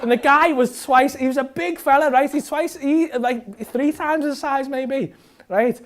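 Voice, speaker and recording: A Scouse comedian on a club stage, spinning a sweary night-out story with lots of energy. His voice sits notably high for a man, and he slips into the other people in the story as he goes. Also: a little slow, a crowd in the background, background noise. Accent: Liverpool. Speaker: stand-up comedian. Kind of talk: stand-up storytelling.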